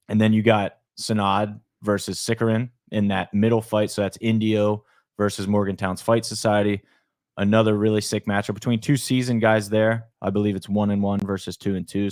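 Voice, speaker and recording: A man's voice: lowish voice, no room sound. A man co-hosting a live podcast, chatting casually and loosely with slang and fillers. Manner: laid-back, slangy, says "bro" and "like". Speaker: podcast co-host for a fight promotion. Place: studio.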